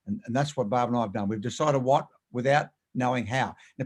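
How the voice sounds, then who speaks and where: A man, an author and speaker, telling animated anecdotes in an interview with quick, emphatic delivery. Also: medium pitch. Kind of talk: storytelling interview.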